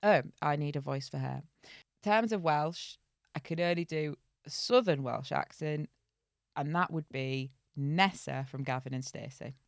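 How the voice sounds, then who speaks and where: Low-voiced woman reading folklore aloud. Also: gravelly, no echo, clean studio sound. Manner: chatty narration with quick jokey asides. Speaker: podcast host. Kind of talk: casual storytelling podcast.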